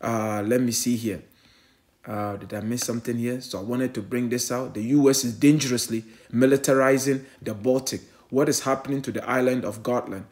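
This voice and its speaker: A man's voice: mid-range voice, darkish tone. A man preaching an online sermon in a fervent, repetitive way, often asking "eh?" and addressing listeners as family.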